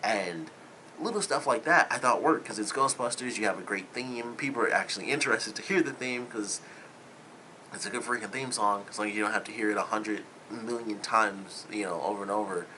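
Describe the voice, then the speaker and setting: A man's voice: on the low side, fairly quick, bright, forceful tone, slight background noise, rough recording. A man giving a casual spoken movie review, rambling loosely with lots of "like" and "you know.".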